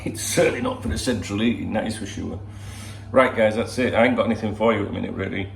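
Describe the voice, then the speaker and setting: A man's voice: on the low side, steady tone, quick pace, vocal fry. Rambling older man in a roomy room. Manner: rambling, full of "you know" asides. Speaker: football channel host. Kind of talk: casual solo video chat. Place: at home indoors. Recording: roomy home echo.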